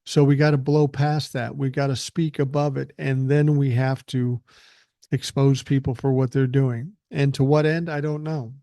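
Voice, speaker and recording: A man's voice: medium pitch, level tone, moderate pace, dark tone, no echo. An older man hosting a podcast, delivering a blunt, profane and angry political monologue into a close mic. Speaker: podcast host.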